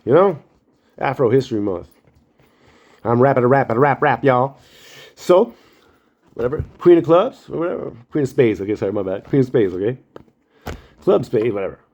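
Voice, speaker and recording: A man rambling through a spiritual monologue and story, animated, slangy and full of swearing. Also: mid-range voice, moderate pace, pauses often. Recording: dull lo-fi recording.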